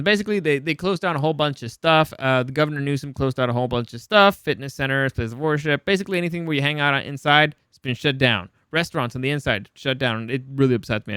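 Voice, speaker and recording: A man's voice: fairly high pitch, quick pace, fairly bright tone, clean tone, no room sound. A man hosting a casual pop-culture news vlog, blunt and opinionated, swearing freely and restarting his sentences. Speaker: news commentary host.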